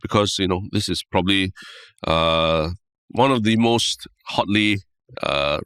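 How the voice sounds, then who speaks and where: A man with a Singaporean English accent, co-hosting a podcast in relaxed casual chat, tagging his sentences with "lah, right?". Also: low-pitched, measured pace, clear, resonant tone, no echo, studio quality. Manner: laid-back, frequent 'lah, right?' tags. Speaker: podcast co-host.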